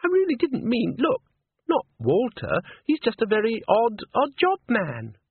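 A man voicing a silly, airheaded young female singer who talks in a high, drawn-out, dismissive way. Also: wildly swooping pitch, vocal fry, husky, heavily acted. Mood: flustered. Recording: dry, tinny phone-like sound.

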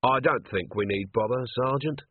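A man voicing a gruff, weary middle-aged male watch commander in a storybook reading. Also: mid-range voice, normal speed, no room sound, close to an everyday voice. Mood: wary. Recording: tinny phone-like sound.

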